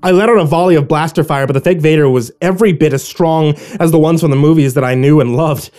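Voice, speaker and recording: A man narrating a first-person horror story in a hushed, measured reading style. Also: fairly high pitch. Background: faint music.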